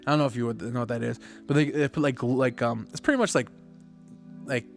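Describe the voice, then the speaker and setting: A man co-hosts a relaxed podcast and talks in loose, rambling sentences full of fillers and restarts. His voice sits at an ordinary middle pitch. A faint music bed plays under the chat. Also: fast talker, gravelly. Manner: rambling, many restarts and fillers, laughs often. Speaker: podcast co-host. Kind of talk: casual chat.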